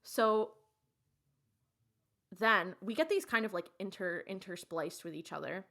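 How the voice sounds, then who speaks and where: A young woman co-hosting a podcast speaks a little slowly in a medium-pitched voice. In an animated, casual retelling, she goes through an episode scene by scene, acting out the characters' lines.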